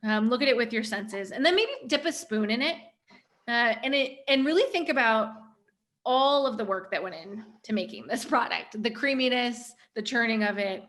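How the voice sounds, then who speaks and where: A woman hosting a workshop, gently and playfully guiding a group through a mindful-eating ritual over a video call. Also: a little high, lively intonation, moderate pace. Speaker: workshop host.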